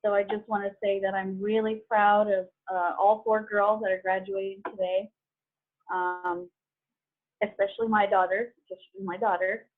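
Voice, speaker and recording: A woman's voice: medium pitch, flat delivery, moderate pace. Casting: hesitant mother, tinny phone-like audio on a video call. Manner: hesitant, shy speaker. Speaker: parent of a graduate.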